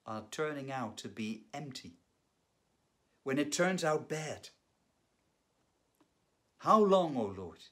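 A male pastor delivering a sermon, earnest and measured, who pauses, restarts now and then and lifts his voice for dramatic quoted cries. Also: medium pitch. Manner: dramatic retelling with rising, urgent quoted cries.

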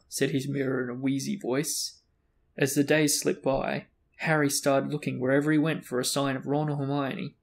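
A man reading a novel aloud to a friend, giving the dialogue lively character voices and breaking off for casual asides. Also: mid-range voice, normal speed, vocal fry. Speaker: book discussion host reading aloud.

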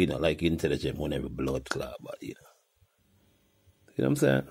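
A deep-voiced older man with a Jamaican accent, his voice husky and full of fry. He rants and swears in a heated, animated way, jumping from one topic to the next. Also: fairly quick, long pauses. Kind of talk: heated profane rant.

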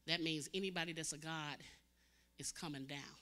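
A woman preacher delivering a sermon as dramatic storytelling, swinging from loud cries to hushed, intense tones. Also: low-pitched, fairly even intonation, normal speed.

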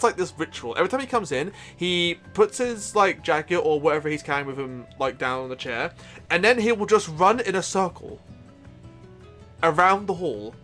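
A man's voice: a little high, fairly bright tone. A man chatting casually while streaming a game, rambling and giggling a lot. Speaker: streamer and coach.

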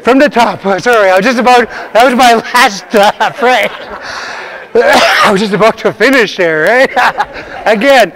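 A man teaching a language lesson to a live class, calling out words loudly for repetition and laughing often. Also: high voice, unhurried. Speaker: Cree language instructor. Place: multi-purpose room with a live class. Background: class of learners laughing and repeating.

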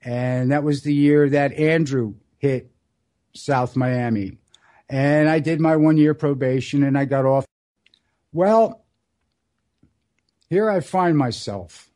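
A man in his sixties talks alone into a radio mic, taking his time over each word. His voice sits a little higher than most men's. He rambles earnestly from story to story and stretches out the words he wants to land. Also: mellow. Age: 60s. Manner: rambling, earnest storytelling with dramatic slow emphasis. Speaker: radio host. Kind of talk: solo radio monologue.

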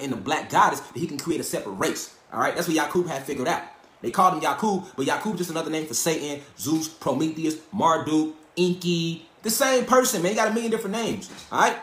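A man's voice: sits high, a bit bright. A man giving a preachy, swaggering solo lecture, profane and emphatic, hammering his points with repeated rhetorical questions. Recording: echoey room.

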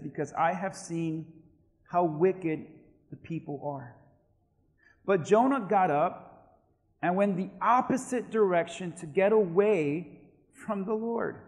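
A male pastor with a notably high voice delivers a sermon, reading scripture aloud before leading prayer and calling on the congregation to repeat after him. His voice carries through a large church with a long, lingering reverb. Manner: reads scripture aloud, then leads prayer and calls the congregation to respond.

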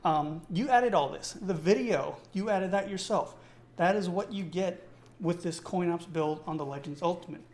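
A man's voice: high voice, normal speed, darkish tone. Chatty man hosting a live tutorial. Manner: chatty, keeps checking in with chat; enthusiastic, thinks aloud. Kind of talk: casual live-streamed tech tutorial.

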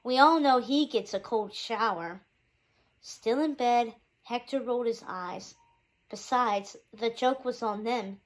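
A woman teacher reading a children's chapter book aloud with expressive narration. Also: a little high, low-quality recording.

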